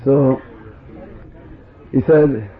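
In a roomy, tinny recording that sounds phone-like, a medium-pitched man speaks very slowly to a seated audience. This spiritual speaker tells stories in a lively manner, with chuckles between his lines.

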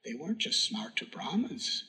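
A man giving a sermon, telling a devotional story in an earnest, emphatic way that sometimes drops to a hush. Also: fairly high pitch, very animated, moderate pace, rough recording. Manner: earnest, emphatic storytelling with hushed whispered moments. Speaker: spiritual teacher.

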